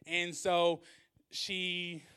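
Young male preacher, high and smooth-voiced. Casual, animated storytelling. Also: drawn-out words. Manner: animated, acts out characters.

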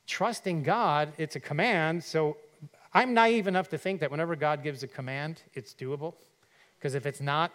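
A middle-aged male pastor preaching a sermon, asking rhetorical questions and leaning hard on quoted verses, then dropping quiet for asides. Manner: drops to a quiet, low voice for asides.

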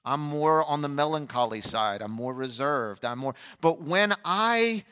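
A man preaching an energetic Easter sermon as pastor, shifting between loud fervent bursts and quiet, reflective asides. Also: a little high, unhurried, clean tone. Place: large church sanctuary. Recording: long church hall reverb.

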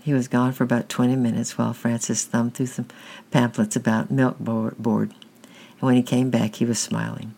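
A man reading a children's novel aloud in a plain, unhurried way, with occasional slips. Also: medium pitch, little pitch movement, gravelly, a little mellow, husky. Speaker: reader.

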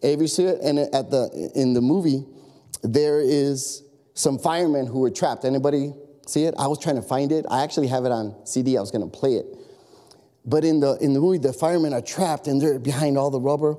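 Male pastor, 30s-40s, exhortative sermon, mellow tone, long room reverb. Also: mid-range voice, a little fast. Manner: animated, repetitive exhortation with asides. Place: church sanctuary. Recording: long echo of a large hall.

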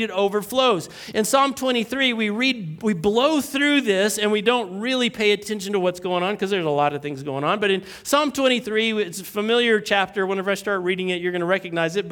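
A male pastor with a notably high voice delivers a sermon. He repeats his points, throws questions and jokes to the congregation, and lifts and slows his voice on the words that matter. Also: fairly bright tone.

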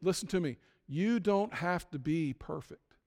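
A man preaching a sermon as pastor, building from calm teaching to loud, emphatic peaks. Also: a little high, a little slow, big-room sound.

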